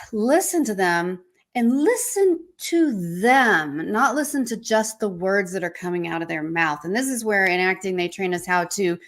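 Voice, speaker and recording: Female coach co-host, mid-pitched, energetic and encouraging, casual podcast talk. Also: a little slow.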